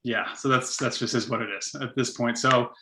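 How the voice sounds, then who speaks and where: A young man from Canada co-hosting a casual podcast, spinning an animated story laced with "like" and quick laughs. His voice has a bright, forceful edge, and the sound bounces around a roomy space. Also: mid-range voice, a little hiss or hum. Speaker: podcast co-host. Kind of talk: casual chat.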